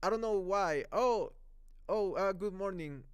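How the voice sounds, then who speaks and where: A young man from Mexico chats through a live-stream review in English with his Mexican accent. His voice is smooth and clear, pitched slightly high, and heard dry and close. He rambles, doubles back on words and laughs often. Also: unhurried, no echo. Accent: Mexican Spanish. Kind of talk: casual live-stream chat.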